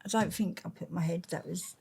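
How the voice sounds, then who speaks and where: Woman, low voice, gravelly, blunt slangy storyteller. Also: fairly quick, mellow. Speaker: interview guest. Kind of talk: storytelling in an interview.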